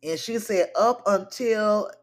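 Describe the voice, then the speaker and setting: A woman's voice: medium pitch, takes it slowly. A woman hosting a gossip podcast, reading out text messages with laughing, incredulous asides in casual commentary. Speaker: podcast host.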